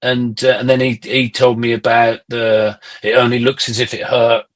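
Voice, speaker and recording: Middle-aged male guest, chatty anecdotal storyteller, stumbles and restarts, mid-pitched voice. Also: little pitch movement, normal speed. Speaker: podcast guest, musician. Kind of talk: casual conversation.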